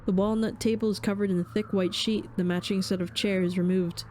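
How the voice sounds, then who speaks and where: A woman's voice: medium pitch, fairly even intonation, a little fast, a little mellow, slight background noise. A woman streamer reading a horror visual novel aloud in a somber, dramatic way, with casual asides.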